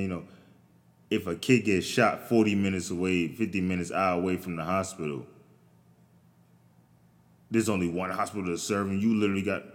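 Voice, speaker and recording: Deep-voiced man ranting profanely. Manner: profane, rambling, jumps to shrill incredulous outbursts. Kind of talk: solo comedic rant. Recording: long reverb.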